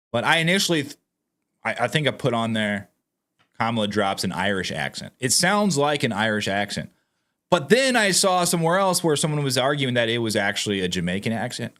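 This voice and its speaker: A man giving sarcastic political commentary in a casual vlog, talking straight to his viewers. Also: medium pitch. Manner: sarcastic, mocking; animated, addresses viewers directly.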